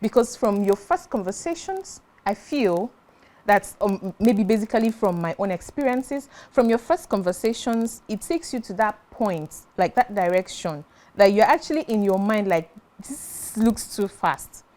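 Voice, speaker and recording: A woman's voice: mid-range voice, expressive, moderate pace, darkish tone. Woman talk-show guest, casual storyteller, conversational delivery. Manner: chatty, retells conversations, keeps asking "do you understand". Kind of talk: casual panel discussion.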